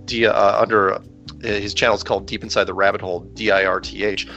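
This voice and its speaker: A man's voice: fairly low pitch, flat delivery, creaky, bright, forceful tone. A man talking in a heated, rambling way, restarting sentences and often asking "right?" as he argues his point. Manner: heated, rapid, many restarts and rhetorical "right?". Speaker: podcast guest with his own channel. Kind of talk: casual conversational rant. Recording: dull lo-fi sound with faint music.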